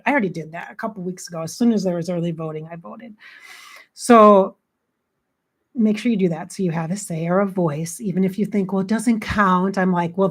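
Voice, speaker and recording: A woman's voice: medium pitch, slightly rough. A woman life coach talking casually and frankly to her viewers, blunt and chatty, swearing freely and quoting herself as she goes. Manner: chatty, quotes herself with "I'm like". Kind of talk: casual motivational talk to camera.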